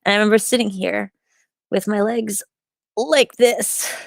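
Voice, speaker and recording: A woman's voice: mid-range voice, steady tone, a little slow, gravelly, no echo, clean studio sound. A woman hosting a livestream from a small attic, rambling casually with self-mocking humor and upspeak as she reads chat. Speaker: livestream host reading chat. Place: small attic in an old house.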